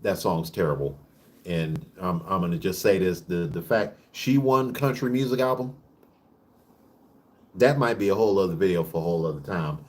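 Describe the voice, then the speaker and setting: A low-voiced man hosts his own vlog, ranting in a casual monologue. It's preachy, profane and emphatic, coming in rapid bursts with frequent restarts.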